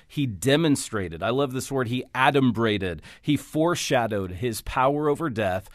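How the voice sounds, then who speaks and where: A man's voice: mid-range voice, lively intonation, moderate pace, few pauses, no echo, clean studio sound. A man speaking as a radio guest, praying and teaching about scripture with fervent emphasis. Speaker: guest, Bible scholar.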